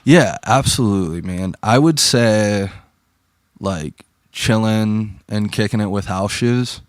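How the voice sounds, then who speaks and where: A man's voice: on the low side, slow pace, no echo, clean studio sound. A young man from Pittsburgh telling stories in a casual chat as a podcast guest, laid-back and slangy, full of "like" and "dude".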